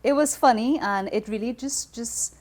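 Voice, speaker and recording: A woman with a Trinidadian accent, talking as an interview guest in an expressive, conversational way, often repeating words as she starts a thought. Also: a little high, moderate pace. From Trinidad and Tobago.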